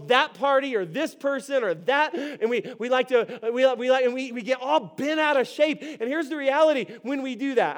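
A man preaching a conversational sermon as a pastor, acting out stories and checking in with the audience. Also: extremely high pitch. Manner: conversational preaching, acts out stories, frequent "right?" and "okay?".

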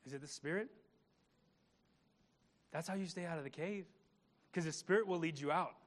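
A man's voice: fairly high pitch, moderate pace. A man pastor preaching a conversational sermon, repeating words and asking the congregation questions.

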